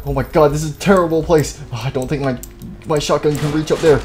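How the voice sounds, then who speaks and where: A man hosting a gaming video, playing out a goofy war scene with hushed sneaking and sudden panicked yelps. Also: medium pitch, fast. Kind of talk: playful role-play commentary over a game.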